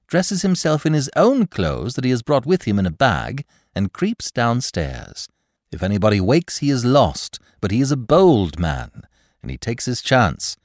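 A man voicing a flippant, theatrical aristocratic gentleman detective in a storybook reading. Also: on the low side, no room sound, clean studio sound. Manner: breezy, theatrical, whimsical. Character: flippant aristocratic young male sleuth.

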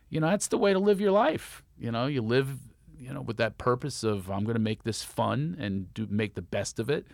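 A man in a relaxed podcast conversation, telling lively stories in a middle-pitched voice. He mimics other people with sudden high jumps in pitch. The sound is dry and close to the mic. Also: gravelly, dry recording. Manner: animated storyteller, acts out quotes with big pitch jumps. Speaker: comedian guest. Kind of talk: casual storytelling chat.

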